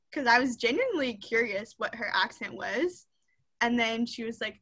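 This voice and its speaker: A woman's voice: on the high side, brisk. A young woman telling a story in a casual chat with friends, acting out what others said. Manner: lively storyteller who acts out the people she quotes. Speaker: podcast co-host.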